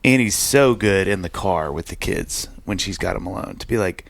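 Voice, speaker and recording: A man co-hosting a podcast in casual chat, telling animated stories and acting out quotes. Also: low voice, normal speed, gravelly, no echo. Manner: animated storyteller, acts out quotes. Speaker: podcast co-host.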